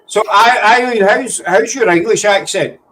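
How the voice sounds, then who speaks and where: A man's voice: sits high, moderate pace, fairly bright tone, poor audio. A Scottish man hosting a casual live-stream chat, rambling along and teasing his guests. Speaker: host. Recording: faint background noise.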